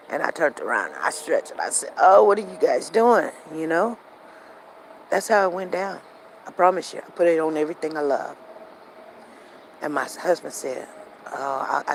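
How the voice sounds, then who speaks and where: Woman, casual storytelling, gravelly, repetitive, animated, faint traffic noise. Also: sits low, rough recording. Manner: repetitive, conversational, animated retelling. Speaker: show host. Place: walking outdoors near traffic.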